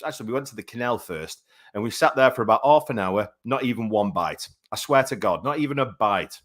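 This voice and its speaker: A man's voice: on the low side, expressive, a little fast, a bit bright. A man in his thirties hosting a live boxing talk show, chatty and rambling with many fillers. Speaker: boxing show host and commentator.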